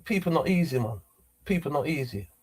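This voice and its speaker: A man's voice: a little high, expressive, fairly quick, breathy edge. A man hosting a livestream, talking casually and rambling with many restarts and repeated phrases. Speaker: livestream host.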